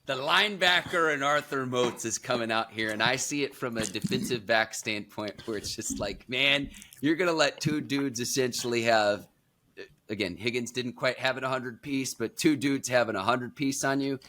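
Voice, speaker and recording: A man's voice: mid-range voice, normal speed, bright, forceful tone, a little hiss or hum. A man guesting on casual sports talk, easygoing and agreeable, often trailing off mid-thought. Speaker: guest, TV producer.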